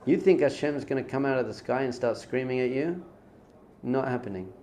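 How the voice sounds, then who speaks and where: Conversational rabbi giving a lesson. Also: male voice, mid-range voice, brisk, dark tone, slight background noise. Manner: conversational, repeats phrases, mixes in Hebrew terms. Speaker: rabbi teaching. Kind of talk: informal spiritual lesson.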